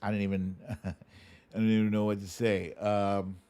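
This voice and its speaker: A man hosting a live stream in casual chat, reading viewer comments aloud and answering them with quick asides and hums. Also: fairly low pitch, smooth. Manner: animated, frequent chuckles and filler hums. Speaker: livestream host.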